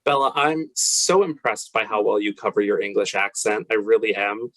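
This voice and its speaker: A man's voice: fairly low pitch, normal speed, a bit bright, dry recording, poor audio. A man hosting a TV entertainment show, chatty and loose with fillers as he interviews actors and narrates. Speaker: host.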